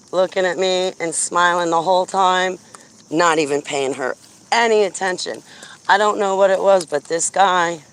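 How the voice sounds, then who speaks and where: A woman's voice: on the low side, fairly bright tone, clear, resonant tone. A woman vlogging outdoors while walking her dog, rambling through a story in a blunt, chatty way on a handheld phone. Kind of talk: casual rambling chat.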